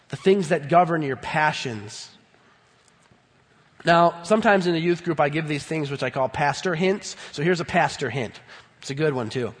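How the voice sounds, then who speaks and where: A man in his thirties preaching a sermon in a church, emphatic, swinging between loud bursts and low, earnest tones. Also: husky. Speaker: pastor. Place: church sanctuary. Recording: long hall reverb.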